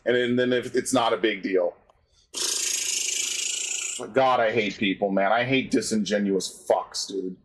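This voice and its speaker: A man's voice: on the low side, fairly even intonation, measured pace, pauses often, noisy background. A young man hosting a game stream, chatting casually with crude, profanity-laced rants and banter. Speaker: streamer host.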